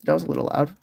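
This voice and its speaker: Rambling giggly livestream host, slow unhurried talk, gravelly fry, dry close sound. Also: mid-range voice, no echo. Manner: rambling and giggly, chatting with viewers. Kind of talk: casual live chat while doing a jigsaw puzzle.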